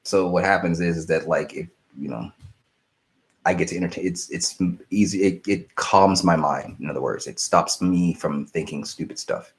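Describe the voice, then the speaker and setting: A young man hosting a live stream, casually answering viewer questions in a relaxed, rambling way with lots of fillers and restarts. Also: sits low, moderate pace.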